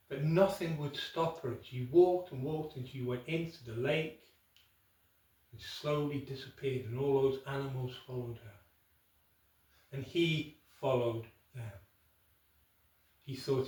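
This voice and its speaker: Slow, pausing male folk storyteller. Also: medium pitch, darkish tone. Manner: unhurried, dramatic pauses, rhetorical asides. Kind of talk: oral folk tale storytelling. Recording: echoey room, from far off.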